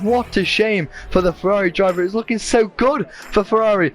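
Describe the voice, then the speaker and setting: A man with a high voice calls a sim race lap by lap, keen and quick, his voice getting strained. Music runs faintly under his commentary. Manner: excited, fast play-by-play. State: losing his voice.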